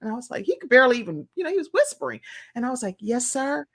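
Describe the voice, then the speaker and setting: A woman talk show host telling a personal story in an animated, expressive way. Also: on the high side, very fast, breathy edge.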